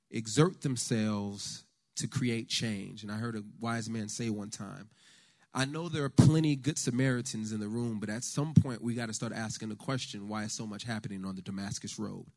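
An American man giving a conversational, faith-based talk on politics to a church lunch audience, telling stories with lively asides. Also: medium pitch. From United States. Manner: animated storyteller, conversational with the audience.

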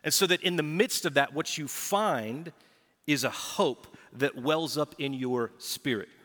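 A man preaching a sermon to a congregation, lively and quick to act out little dialogues. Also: on the high side. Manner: animated preaching, acts out quoted dialogue. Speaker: pastor. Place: large church auditorium. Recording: live church hall reverb.

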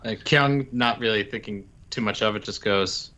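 A man playing a tabletop role-playing game, speaking quickly and casually. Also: on the low side, sharp tone, rough recording. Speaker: player. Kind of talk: in-character role-play.

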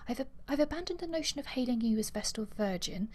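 A woman's voice: high voice, quick pace, hardly any pauses. A woman co-hosting a book podcast who reads a novel passage aloud with acted dialogue, then chats casually. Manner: expressive reader, acts out dialogue, laughs easily. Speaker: podcast co-host.

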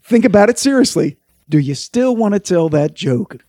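Brief: male host, high animated voice, swinging pitch, tells jokes in casual chat. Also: normal speed, dry recording, studio quality. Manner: animated, laughs through his punchlines. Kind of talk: casual joke-telling chat.

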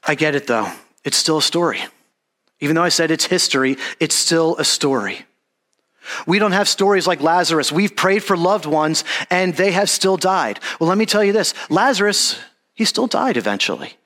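A man with a fairly high voice delivers a relaxed, conversational sermon. He slips into plain modern speech to act out the characters of the story. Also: moderate pace. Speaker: preacher. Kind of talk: casual sermon.

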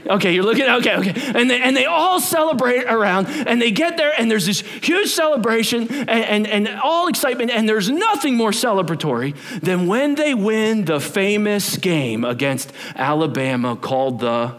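A male pastor preaching to his church, his voice sitting high and swinging widely in pitch. He talks in a chatty, animated way and keeps asking the congregation questions. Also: normal speed. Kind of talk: sermon.

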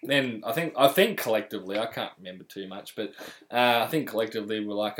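A man's voice: lowish voice, fast, fairly bright tone. A man with an Australian accent in casual podcast chat, crude and full of swearing and laughter.

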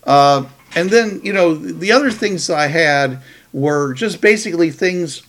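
Higher-pitched male podcast co-host. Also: expressive, unhurried, fairly bright tone. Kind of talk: casual podcast chat.

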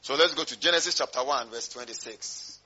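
A man's voice: mid-range voice, fairly quick, sharp tone, breathy edge, lo-fi sound. A male pastor preaching a sermon, emphatic and rhetorical, drawing call-and-response from his congregation.

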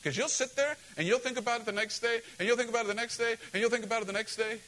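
A male pastor preaching a sermon in an animated, joking way, often asking the congregation questions. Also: very high-pitched, very fast, low-quality recording.

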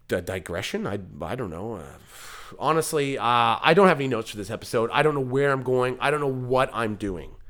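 Animated rambling male podcast host. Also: mid-range voice. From Canada. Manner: rambling, self-interrupting, jokey digressions. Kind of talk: rambling solo comedy podcast.

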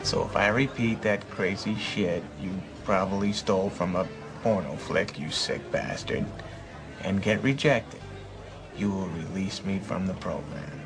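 A man's voice: sits low, unhurried. An actor playing a flustered, put-upon man in anger therapy, muttering in exasperation in a film clip with music underneath. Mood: exasperated.

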